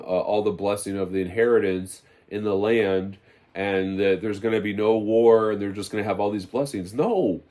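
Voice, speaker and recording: A man with a fairly low voice preaches his testimony with fervor. He drives his points home by repeating key phrases, and his tone stays emphatic and insistent. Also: darkish tone. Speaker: religious teacher sharing his testimony. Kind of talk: impassioned spoken testimony.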